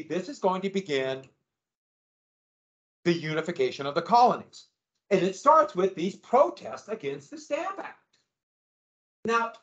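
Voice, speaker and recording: A man teaching a history class, lecturing in an animated way and quizzing his students as he goes. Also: high-pitched. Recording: echoey room, dull lo-fi sound.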